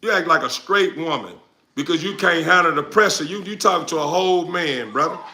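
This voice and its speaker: A man on a livestream, loudly and confrontationally answering viewers in casual slangy talk, recorded without a lapel mic. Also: on the high side, brisk. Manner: loud, confrontational, repetitive, slangy. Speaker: dog breeder streamer answering chat. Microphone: no lapel mic, phone or camera mic.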